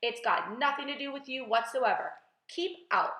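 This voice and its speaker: A woman reading aloud, voicing a greedy, excitable aunt who shouts and gushes. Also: medium pitch, quick pace, lightly acted. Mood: scornful. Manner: loud, gushing. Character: greedy, excitable, fat middle-aged aunt. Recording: roomy echo.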